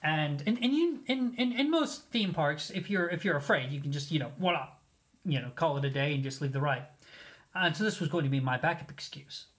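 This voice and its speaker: Animated, rambling personal storyteller. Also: mid-range voice, fairly quick. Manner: animated, rambling, with self-corrections. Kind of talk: casual personal anecdote.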